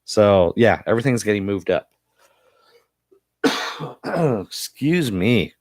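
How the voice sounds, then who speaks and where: A man recaps a TV episode in a casual, rambling way, with a fairly low voice. He has a cough that keeps breaking through, and the sound is dry and close. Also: animated, takes it slowly, creaky, dry recording. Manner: rambling with many fillers. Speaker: TV episode reviewer.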